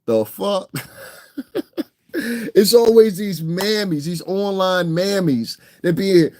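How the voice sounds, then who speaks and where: Profane, fiery New ranter. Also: male voice, high-pitched, slow, pauses often. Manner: profane, confrontational, mocking, swings between shouting and muttering. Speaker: online hip hop commentator. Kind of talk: ranting streamed commentary.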